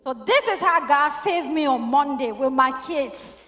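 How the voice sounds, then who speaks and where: A woman's voice: sits high, expressive, measured pace, pushed and bright. A middle-aged woman telling an emotional story as a church testimony, quoting the people in it. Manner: emotional, storytelling with quoted dialogue. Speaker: church member giving testimony. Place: church hall. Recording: echoey church hall with faint music.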